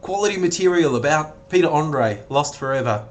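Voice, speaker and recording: A young man with an Australian accent chatting casually on a live webcam stream. His slightly high voice swings widely in pitch as he jokes, swears and laughs. He reads viewer comments out loud and reacts to them. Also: animated, normal speed. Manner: joking, swears freely, laughs often, reads chat aloud. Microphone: computer webcam mic.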